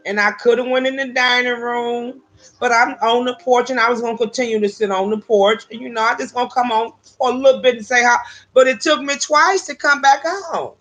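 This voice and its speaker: A woman hosting a casual live stream from her porch, talking in an animated, exasperated, rambling way with lots of swearing. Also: fairly high pitch, a little fast. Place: outdoors on a porch.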